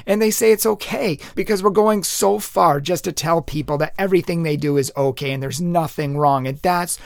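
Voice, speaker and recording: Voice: medium pitch, normal speed, vocal fry, few pauses, no room sound, clean studio sound. A podcast host in a casual monologue who talks in an exasperated, rhetorical way, laughs often and leans on many fillers.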